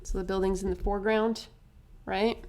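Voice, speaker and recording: A woman demonstrates face painting in a relaxed, chatty tutorial. She sounds upbeat and amused with herself, tossing in asides and quick checks with the viewer. Her voice sits at an ordinary middle pitch. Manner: chatty, upbeat, self-amused, many asides and tag questions.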